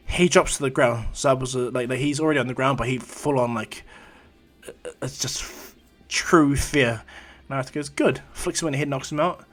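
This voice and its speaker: A man retells a fan-made story in a casual, rambling way, full of fillers. His voice sits at a middle pitch and stays animated. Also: fairly quick, soft background music. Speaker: storyteller, channel host.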